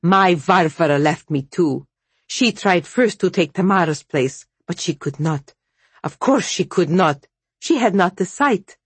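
A woman's voice: on the low side, expressive, a little slow, slightly rough, dry recording. Baba Yaga, a woman doing a cold old witch. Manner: sharp, imperious and cold. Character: old scheming witch grandmother, malicious and proud.

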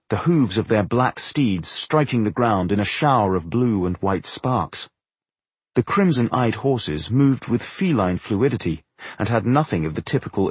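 Male fantasy narrator: husky, low, very animated delivery, recorded dry. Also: no echo. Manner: expressive storytelling. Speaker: audiobook narrator.

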